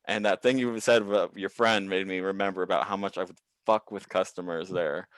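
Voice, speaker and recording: A male comedian telling work stories over a video call, animated and swearing freely, acting out quoted people in raised voices. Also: low-pitched, a little fast, smooth, no echo. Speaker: comedian guest.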